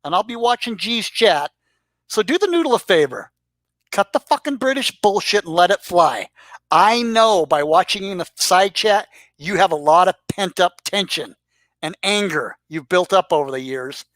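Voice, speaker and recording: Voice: mid-range voice, lively intonation, normal speed, fairly bright tone, no echo. A YouTube commentator talking casually and crudely as he roasts the regulars of a live-stream chat, teasing and rambling. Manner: rambling with restarts. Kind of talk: casual profane roast monologue.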